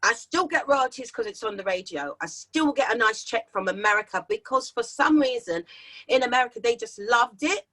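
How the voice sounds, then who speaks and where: A middle-aged singer from London, with a London accent, chats as a guest in a relaxed interview at a moderate pace, captured in a low-quality recording. Her voice is high, bright, and forceful. She tells her stories with plenty of life, slipping into other people's voices as she goes.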